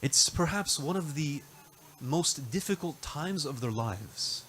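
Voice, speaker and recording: Earnest male preacher, slightly high voice. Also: animated, slow, fairly bright tone, slight background noise. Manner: earnest, addresses the congregation directly. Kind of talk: mourning sermon. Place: mosque.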